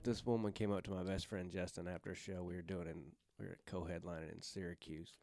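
A male stand-up comedian in casual podcast chat, relaxed and wry, agreeing often with short replies. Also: low-pitched, quick pace, creaky.

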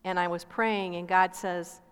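A middle-aged woman co-pastor gives a testimony during a sermon in a church sanctuary, telling stories and acting out what people said. Her voice sits on the low side, clean and unhurried, with fairly even intonation. The long reverb of a large hall surrounds her.

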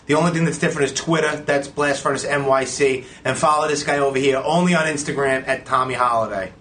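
A man's voice: mid-range voice, fairly even intonation, quick pace, a bit bright, a little hiss or hum. A man hosting a podcast, laid-back and swearing casually. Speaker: podcast host. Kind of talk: casual chat.

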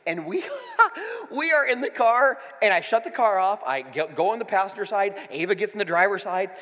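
A pastor in his forties preaching and telling stories in a church auditorium, animated and emphatic. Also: high voice, moderate pace. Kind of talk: sermon with prayer and storytelling. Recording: reverberant hall with faint music.

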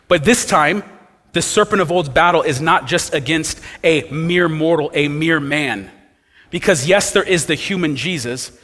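A man's voice: a little high, a bit bright. Man preaching in a reverberant hall. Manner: expository preaching with rhetorical questions. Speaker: pastor. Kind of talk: sermon.

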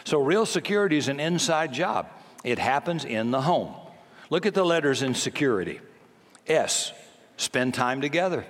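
A man in his seventies preaches a sermon in a folksy, emphatic manner, often acting out the voices he quotes. His mid-range voice is sing-song at a moderate pace, with long hall reverb around it.

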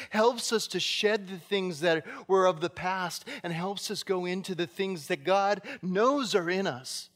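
A man's voice: a little high, a bit bright. A man in his fifties, a pastor, preaching a sermon in an earnest storytelling way in a church. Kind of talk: sermon with personal stories. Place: church sanctuary. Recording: long church reverb.

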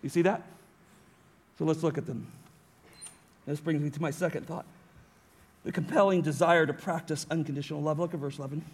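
A high-pitched man, middle-aged, preaches from the pulpit in an earnest tone. He explains scripture with steady conviction, often stopping to correct himself and restart a phrase. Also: fairly quick, pauses often, husky. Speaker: pastor. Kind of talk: sermon.

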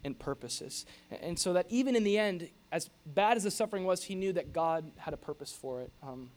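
A middle-aged pastor preaching a sermon in an animated, jokey way, acting out grumbling noises. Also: male voice, high-pitched, a little fast.

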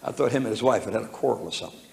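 A man's voice: fairly low pitch, very fast, creaky. A man preaching a storytelling sermon, folksy and humorous, chuckling as he talks, recorded in an echoey church hall. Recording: echoey hall with faint room noise.

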